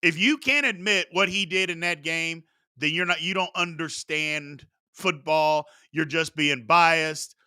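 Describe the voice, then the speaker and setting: Man, sports talk host, bright cutting voice, dry close sound, blunt emphatic rant. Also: a little high, measured pace, smooth, no echo. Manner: emphatic, repetitive, blunt and fired up.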